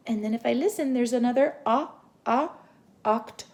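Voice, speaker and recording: A young woman giving a home literacy lesson to young children, sounding out words slowly and gently. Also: on the high side. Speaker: teacher.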